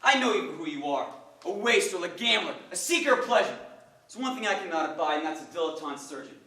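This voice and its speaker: A man's voice: on the high side, expressive, fast, bright, forceful tone. An actor playing a stern, contemptuous older male surgeon in a school stage play, with a clipped, lecturing delivery. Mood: cold, scornful. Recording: echoey stage recorded from far off.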